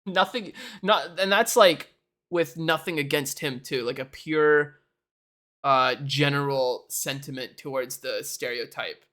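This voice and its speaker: A man's voice: fairly high pitch, unhurried, sharp tone. A young man chatting casually on a live stream, rambling and laughing often. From Canada. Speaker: livestreamer.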